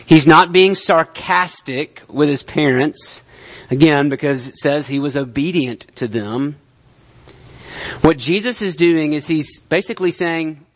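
A man's voice: a little high, measured pace. A male pastor giving a conversational sermon, often checking in with his listeners. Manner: conversational, checks in with "right?" and "okay?".

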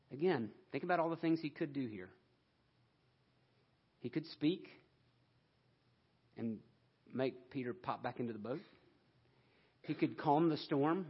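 A man's voice: medium pitch, slightly rough, highs cut off. A man preaching a sermon in an earnest way, pushing up into emphatic questions.

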